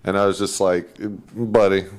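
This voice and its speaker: A middle-aged man with a low voice, chatting on a podcast. He tells anecdotes with a grin, slipping into playful voices and frequent laughter. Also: normal speed. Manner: storytelling, acts out kids and himself in voices, laughs often. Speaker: podcast co-host. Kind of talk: casual chat.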